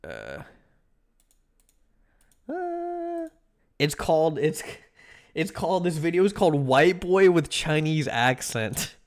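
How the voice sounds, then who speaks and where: A streamer talking loosely to chat at a desk mic, with a medium-pitched voice that swings up and down a lot. The talk meanders, stalls on repeated words and restarts mid-sentence. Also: very animated, unhurried. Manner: rambling, many restarts and repeated "like". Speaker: livestreamer. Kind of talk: casual livestream chat, answering viewers.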